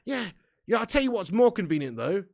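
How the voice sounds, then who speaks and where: A man's voice: high-pitched, big pitch swings, a little fast, gravelly. A young English man hosting a live stream, chatting in sweary, laddish banter with his viewers and laughing often. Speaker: livestream host. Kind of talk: live watch-along chat.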